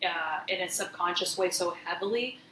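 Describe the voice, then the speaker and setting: A woman's voice: lowish voice, normal speed, pushed and bright. A woman in a casual chat, speaking thoughtfully and searching for words. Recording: echoey room with faint noise.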